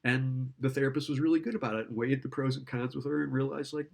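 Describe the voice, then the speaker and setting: A man's voice: medium pitch, fairly even intonation, fast talker, gravelly, hardly any pauses. A man lecturing in a casual, conversational way, often checking in with "right?" and acting out client and therapist lines. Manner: conversational, keeps asking "right?".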